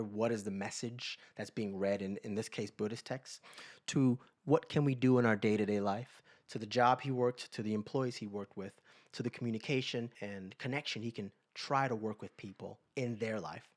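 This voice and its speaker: A man co-hosting a podcast, telling personal stories in a casual chat and acting out the people he quotes. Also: medium pitch. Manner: animated storyteller acting out quoted voices. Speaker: podcast co-host.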